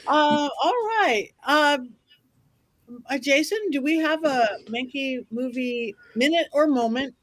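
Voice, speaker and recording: A woman hosting a casual chat, playful and quick to laugh. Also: high-pitched, steady tone. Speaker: host.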